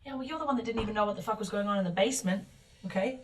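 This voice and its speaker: A woman's voice: medium pitch, rapid-fire, distant mic. A woman playing a tabletop game, joking and laughing between lines. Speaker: player. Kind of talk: casual tabletop game play.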